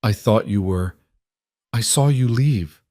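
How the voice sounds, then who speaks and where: Man doing a young trapped bride, raw, bitter and pleading, higher pitched, dry close sound. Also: slow pace, mellow, no room sound.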